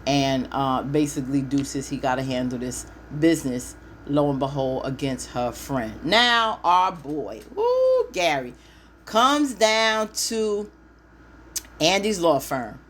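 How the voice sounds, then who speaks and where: A woman's voice: low-pitched, animated, slow pace, a bit bright, a little hiss or hum. A woman hosting a casual TV episode recap, chatty and opinionated, speaking straight to her viewers. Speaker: TV recap host.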